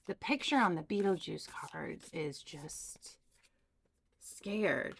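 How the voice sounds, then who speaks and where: A woman's voice: lowish voice, takes it slowly, creaky, slight background noise. A woman doing a pick-a-card tarot reading, talking casually and telling a story from her own life. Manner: chatty, animated, tells personal stories. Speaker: tarot reader.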